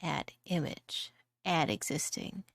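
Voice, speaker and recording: A woman's voice: sits low, takes it slowly, vocal fry, no room sound, studio quality. A woman streamer chatting casually and playfully while drawing, rambling from one joke to the next and laughing often. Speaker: vtuber streamer.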